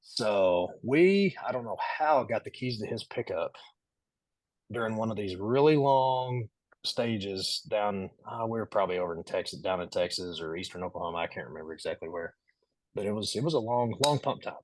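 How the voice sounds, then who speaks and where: A man's voice: lowish voice, animated, moderate pace, no room sound. A man guest on a podcast, telling stories casually and animatedly, laughing often and acting out the quotes. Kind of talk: casual storytelling.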